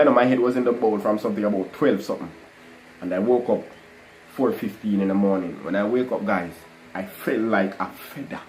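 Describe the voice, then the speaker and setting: A man telling a personal testimony to a live online audience, animated and full of "guys" and "you know". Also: medium pitch, a little hiss or hum, rough recording. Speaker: livestream host telling his testimony.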